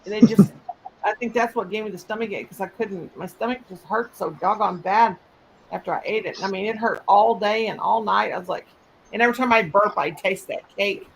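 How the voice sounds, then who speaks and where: A woman's voice: mid-range voice, fairly quick, vocal fry, crowd noise, poor audio. A woman, hosting a casual live chat and telling folksy stories with a laugh. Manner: folksy storytelling, laughs often. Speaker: host, mother.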